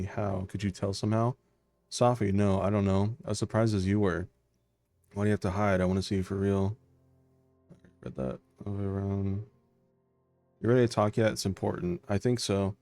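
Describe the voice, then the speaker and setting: A male streamer reading video game messages and journal entries aloud in a deadpan, flat delivery. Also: fairly low pitch, no echo.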